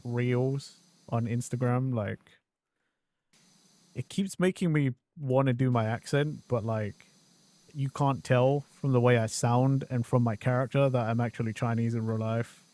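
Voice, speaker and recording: A man streaming a game and commenting as he plays, excitable and quick to swear and burst into exclamations. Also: medium pitch. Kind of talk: gameplay commentary.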